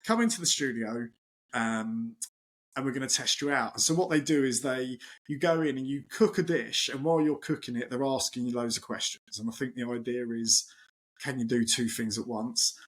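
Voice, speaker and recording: A middle-aged man, a chef and podcast guest, telling stories in casual chat, lively and acting out quotes, with many restarts. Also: mid-range voice, moderate pace.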